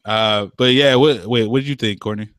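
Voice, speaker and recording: A man's voice: lowish voice, normal speed, a bit bright, dry recording. A young man co-hosting a podcast, chatting loosely, swearing and laughing often. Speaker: podcast co-host. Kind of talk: casual chat.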